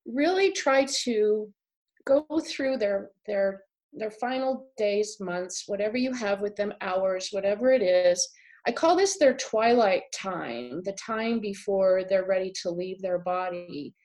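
A woman's voice: mid-range voice, lively intonation, slow pace, darkish tone, rough recording. A woman author speaking as a guest in a podcast interview, earnest and storytelling, with many "you know" fillers. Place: home office on a farm.

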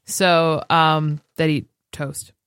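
Woman, Midwestern American accent, podcast co-host, rambling jokey chat, mid pitch, dry close sound. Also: little pitch movement, extremely slow, a bit bright, clear, resonant tone, no echo. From Michigan. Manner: rambling, jokey, loses her train of thought. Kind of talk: casual chat.

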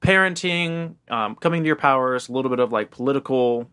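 Guest filmmaker, man, mid-pitched, easygoing and reflective, dry studio sound. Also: brisk, pushed and bright, clean tone, dry recording. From Ohio, US. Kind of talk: casual podcast chat.

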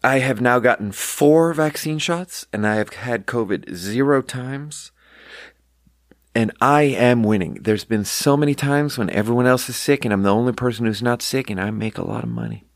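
A man's voice: mid-range voice, moderate pace, no room sound, clean studio sound. A young man rambling candidly through personal stories on his podcast, swearing freely. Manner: candid, swearing, storytelling with quoted voices. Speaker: podcast host. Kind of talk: casual rambling monologue.

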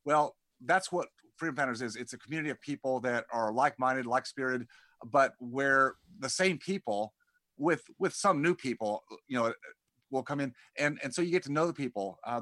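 His medium-pitched, fairly bright voice moves at a moderate pace with no echo. He's a dentist and community founder guesting on a conversational podcast interview, rambling and often repeating words as sentences get going.

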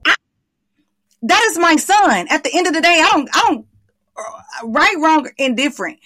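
A woman's voice: high-pitched, expressive, moderate pace, sharp tone, no echo. A woman co-hosting a podcast, talking emphatically in casual chat. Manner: emphatic, protective, laughing asides. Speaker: podcast co-host.

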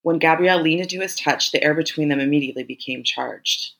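A woman reading a story aloud as narrator in a measured, even way. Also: low voice, gravelly, rough recording. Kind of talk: scripted narration.

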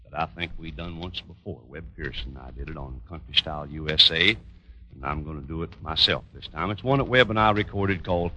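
Folksy 1950s country radio host. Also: male voice, very deep voice, brisk, highs cut off, slight background noise. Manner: folksy, homespun, relaxed. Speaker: radio show host and singer. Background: music.

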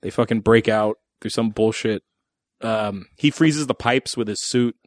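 A man's voice: fairly low pitch, a little slow, dry recording, studio quality. A man co-hosting a podcast, sarcastically picking apart a bad movie's plot holes, swearing freely. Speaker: podcast co-host. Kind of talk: casual movie review chat.

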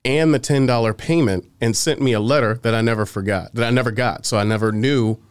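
A man's voice: medium pitch, fairly quick, smooth, no echo, clean studio sound. A man casually telling a story on a podcast, acting out what others said and swearing freely. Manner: animated, acts out quoted exchanges, swears freely.

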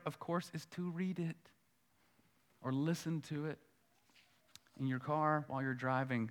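A male pastor preaching a sermon earnestly, repeating key phrases and swelling louder on his points. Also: medium pitch.

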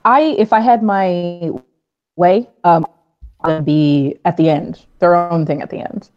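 A woman's voice: on the low side, slow, lo-fi sound. A woman, a comic book writer and podcast guest, chatting casually and gushing about her characters with lots of fillers and laughs.

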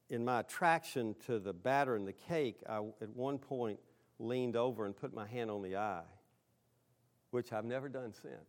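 Man, pastor, mid-pitched; conversational sermon that swings from loud emphasis to hushed asides. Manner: talks directly to the congregation.

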